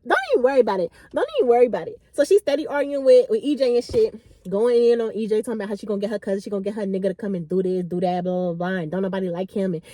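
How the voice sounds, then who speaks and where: A woman in her late twenties, a vlogger, telling a story in a chatty, animated, slangy way. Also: medium pitch, very fast, dry recording, studio quality. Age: late 20s. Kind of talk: casual storytime.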